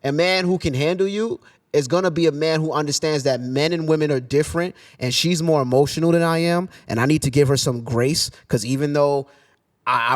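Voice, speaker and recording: Halting man in casual discussion. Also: on the high side. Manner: halting, restarts often, hedging.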